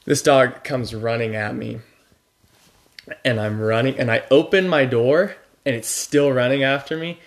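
A man's voice: medium pitch, a little slow, creaky. A young man co-hosting a podcast, chatting casually with dry, self-deprecating humor. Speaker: podcast co-host. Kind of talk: casual chat.

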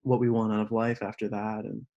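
This podcast guest shares a story about himself conversationally, bringing the people in it to life by animatedly performing their lines. He has a lowish voice and a brisk delivery, and the recording is muffled.

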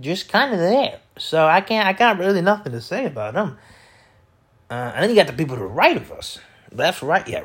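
Husky, lively-voiced man rambling casually. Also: medium pitch. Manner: profane, meandering, frequent fillers and self-restarts. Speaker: podcast host.

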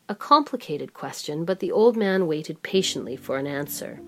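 A woman reading a story aloud as narrator in a measured, steady way. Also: sits low. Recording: music playing underneath.

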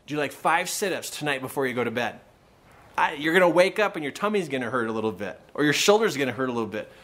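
A man talks through a motivational podcast episode with a swooping, highly expressive voice that climbs and dips as he makes his points. His voice sits a little high for a man, and he slips into character voices for the people in his stories. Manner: animated storyteller acting out quoted voices. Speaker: podcast host and coach. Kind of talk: motivational talk. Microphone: podcast microphone.

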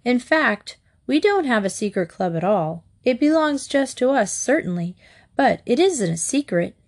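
A calm, reasonable teenage boy, voiced by a woman reading aloud, explaining things patiently. His storybook voice is pitched a little above the narration. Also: normal speed. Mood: reasoning.

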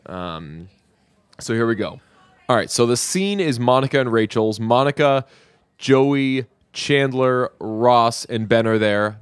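Young male podcast host, casual and profane, dry close sound, mid pitch. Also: no room sound. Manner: loose and profane, with frequent fillers. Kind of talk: casual solo podcast chat.

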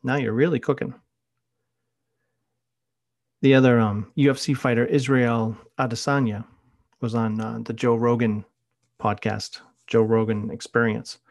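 A middle-aged man hosts a podcast in a casual, conversational monologue, drifting from one anecdote to the next. His voice sits in an ordinary middle pitch and sounds dry and close, with no room around it. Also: little pitch movement, measured pace, vocal fry, pauses often, a little mellow, no room sound. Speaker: podcast host.

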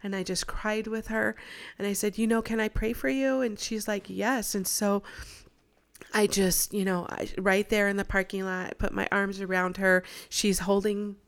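A woman's voice: medium pitch, normal speed, clean tone. A middle-aged woman casually telling a personal faith story, acting out what others said. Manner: animated, acts out quoted voices. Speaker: guest sharing a testimony.

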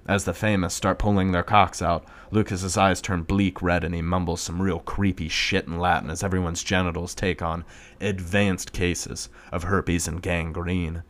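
A man narrating a crude comedic story in a blunt, profane, matter-of-fact way. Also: low voice.

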